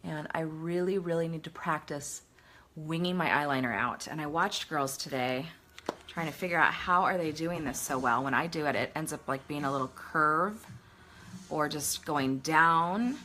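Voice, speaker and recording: A woman's voice: low-pitched, normal speed, sharp tone, slight background noise. A middle-aged woman chatting casually through a makeup tutorial, self-deprecating and talking as she works. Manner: chatty, self-deprecating, talks while working. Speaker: makeup vlogger.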